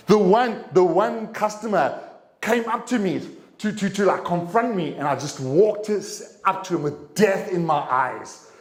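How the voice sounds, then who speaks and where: A middle-aged man tells a personal story as a prepared speech. His voice sits somewhat high and leaps around as he acts out each exchange. The sound carries the echo of a meeting room. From English-speaking country, living in Taiwan. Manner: animated storyteller, acts out quotes with sharp jumps in pitch. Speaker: club speaker.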